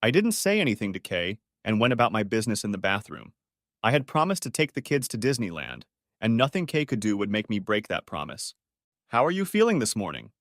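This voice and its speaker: A man reads a first-person story aloud in a bitter, restrained way. His voice sits low but moves freely in pitch. The sound is dry and close to the mic. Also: big pitch swings, a little fast, a bit bright, no room sound. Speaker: audiobook narrator.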